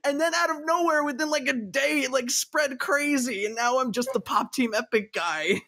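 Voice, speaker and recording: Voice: high voice, bright, forceful tone. Joking podcast guest. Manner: joking, swearing, quick laughs. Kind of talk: casual group chat.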